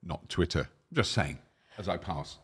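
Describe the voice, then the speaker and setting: Deep, husky-voiced man, fast. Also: animated, a bit bright. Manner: musing, thinks aloud with restarts. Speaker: host. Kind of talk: casual chat. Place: kitchen table.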